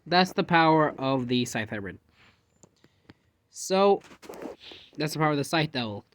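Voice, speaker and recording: A man's voice: on the high side, lively intonation, unhurried, fairly bright tone. A man casually telling a rambling fan story, jumping animatedly into quoted dialogue.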